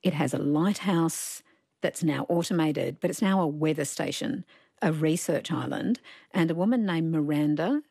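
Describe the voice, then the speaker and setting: A woman hosting a radio book review show, talking in a measured way and listing book titles. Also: deep voice, creaky, mellow, slightly rough, dry recording. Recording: dry studio sound.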